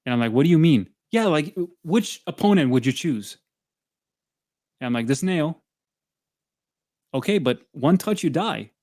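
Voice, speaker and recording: A man co-hosting a casual chat while doing pushups, out of breath, animated, acting out quoted dialogue. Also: fairly high pitch, measured pace, pauses often, dry recording, studio quality. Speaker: podcast co-host.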